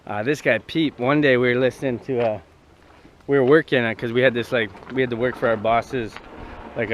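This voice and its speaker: Rambling man telling stories outdoors. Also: medium pitch. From Hamilton, Ontario, Canada. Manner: rambling, filler-heavy, profane. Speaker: vlogger. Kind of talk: casual storytelling. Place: outdoors near the sea.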